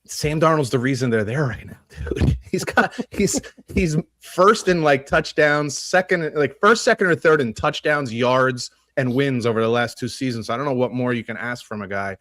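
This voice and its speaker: A man co-hosting a sports podcast, talking casually and ranting with animated swearing. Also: medium pitch, moderate pace, no room sound. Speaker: podcast co-host. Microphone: podcast studio mic.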